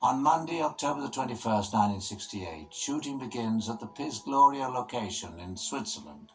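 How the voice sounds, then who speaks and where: A man giving scripted documentary narration in a measured, formal way. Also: medium pitch, lively intonation, slight background noise, low-quality recording. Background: music.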